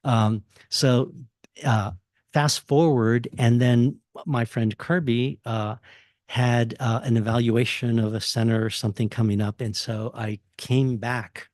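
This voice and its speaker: An older man from Texas tells a story at a campus talk, chuckling often and restarting his sentences. His voice sits at an ordinary middle pitch and sounds close and dry, with no room echo. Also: fairly even intonation, a little slow, darkish tone. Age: 60s. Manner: casual, chuckling, many fillers and restarts. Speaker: guest speaker. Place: lecture hall.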